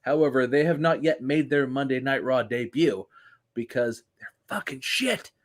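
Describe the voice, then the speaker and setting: A man's voice: medium pitch, steady tone, moderate pace. A man co-hosting a casual wrestling podcast, joking and rambling, swearing freely. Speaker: podcast co-host.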